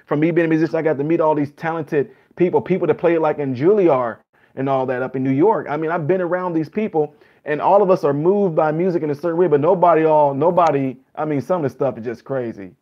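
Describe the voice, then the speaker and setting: A man's voice: on the high side, fast talker, muffled recording. A man talking casually to his viewers in a reaction vlog, loose and chatty, calling them guys and y'all. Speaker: vlogger and musician.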